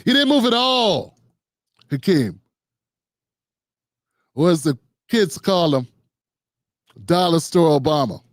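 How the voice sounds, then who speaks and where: A man's voice: a little high, sing-song, slow pace, pauses often, no echo, studio quality. A man hosting a live political commentary show, blunt and mocking, talking straight to his viewers. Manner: mocking, blunt, mimics people in put-on voices.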